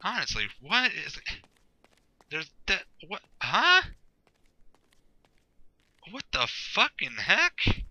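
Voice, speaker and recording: A man's voice: sits high, huge pitch swings, slow pace, bright, forceful tone, no room sound, rough recording. A man giving rambling, sarcastic gameplay commentary, swearing often and talking to himself as he plays. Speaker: gameplay video host.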